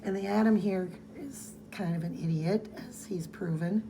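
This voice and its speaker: A woman's voice: on the low side, normal speed, crowd noise. A woman co-hosting a podcast, chatting casually as she recaps a comic and reads its dialogue in playful voices. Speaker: podcast co-host.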